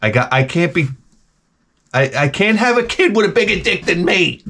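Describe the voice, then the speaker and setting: A man's voice: sits high, sing-song, normal speed, sharp tone. A man hosting a game channel, ranting comically in a profane, rambling way, full of stammered restarts. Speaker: video game channel host. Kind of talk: comedic rant.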